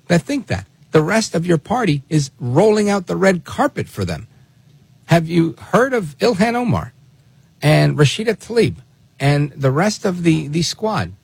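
A man's voice: fairly high pitch, gravelly, darkish tone, slightly rough, dry recording. A man hosting political commentary, who talks in a sarcastic, exasperated way and fires off rhetorical questions. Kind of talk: opinionated commentary on played clips.

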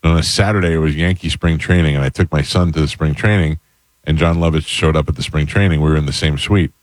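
A middle-aged man hosting a talk show, telling stories in casual banter and breaking into high-pitched retorts. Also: fairly even intonation, fast, dry recording. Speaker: radio show host.

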